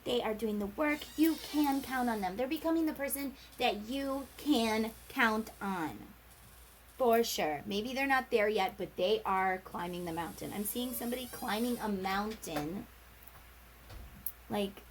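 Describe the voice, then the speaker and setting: A woman's voice: on the high side, expressive, unhurried, poor audio. Woman, tarot reader, casual, rambling, chatty, faint background noise. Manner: chatty, rambling, acts out quotes. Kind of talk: casual spoken tarot reading.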